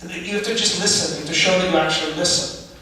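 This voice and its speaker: A film director answering audience questions in a chatty, laughing way at a festival Q&A. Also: male voice, on the high side, fast, pushed and bright. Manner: chatty, laughing asides, restarts. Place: large hall with audience. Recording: echoey hall from far off, audience noise.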